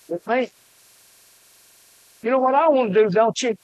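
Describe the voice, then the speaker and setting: High-voiced older preacher, emphatic. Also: male voice, moderate pace, dry recording, low-quality recording. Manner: emphatic, shouting peaks, sharp rhythmic lists. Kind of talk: fiery sermon.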